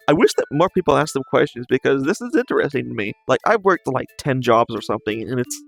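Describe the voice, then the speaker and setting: A man's voice: medium pitch, sing-song, fast, gravelly, few pauses, a bit bright. A man hosting casual commentary on online posts, rambling, swearing freely and laughing often. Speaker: host.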